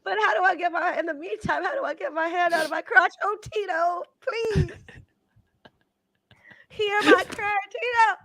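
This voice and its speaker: Woman putting on a high, bright, whimpering male pop star, begging. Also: lively intonation, normal speed, gravelly, full character voice. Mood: sobbing. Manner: high, crying, pleading whine.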